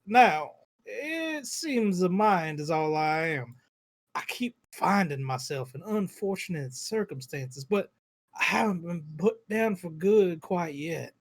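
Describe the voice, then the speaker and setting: A man voicing a scheming male mind-maker trapped in a stolen body, reading his letter aloud in a put-on Southern US accent with measured, formal delivery. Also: sits high, animated, exaggerated voice. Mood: formal, confiding.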